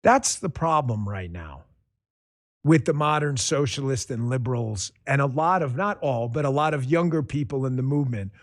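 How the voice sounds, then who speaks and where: A man's voice: medium pitch, lively intonation, moderate pace. A man hosting a political commentary show, talking in a sarcastic, riffing monologue. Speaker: host.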